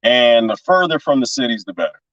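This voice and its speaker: A man's voice: medium pitch, very animated, a little fast, fairly bright tone, no echo. Man, casual livestream chat, rambling, laughing, slightly distant, dry dull sound. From lives in Texas. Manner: rambling, laughs often, conspiratorial. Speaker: livestream host.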